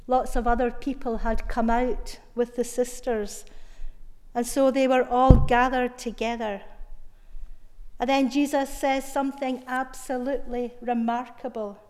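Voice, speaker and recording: A woman preaching a sermon, retelling a story in a measured way and stressing key words with feeling. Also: a little high, flat delivery, darkish tone. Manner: slow, measured retelling with emphatic, heartfelt stresses. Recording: long reverb of a large hall.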